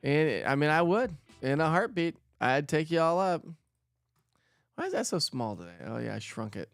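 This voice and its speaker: A man's voice: a little high, big pitch swings, moderate pace, creaky, no room sound, studio quality, soft background music. A middle-aged man hosting a casual weather livestream, chatting with viewers and reading their comments aloud. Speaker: weather show host.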